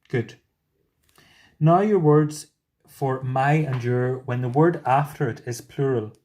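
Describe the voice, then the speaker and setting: Man, mid-pitched, unhurried teacher voice for a recorded lesson. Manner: patient, explains step by step with gentle asides. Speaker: Spanish teacher.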